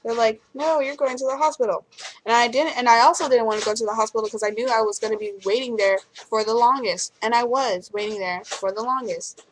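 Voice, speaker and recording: A woman's voice: a little high, fast, slight background noise. A woman in her twenties telling a rambling story to camera in a vlog, with many restarts. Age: 20s. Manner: chatty, acts out what others said. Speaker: vlogger.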